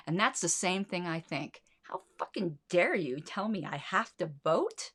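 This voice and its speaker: A woman's voice: on the low side, moderate pace, hardly any pauses, slightly rough. A middle-aged woman hosting a political commentary livestream, blunt, sarcastic and indignant, with plenty of swearing. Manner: sarcastic rhetorical questions.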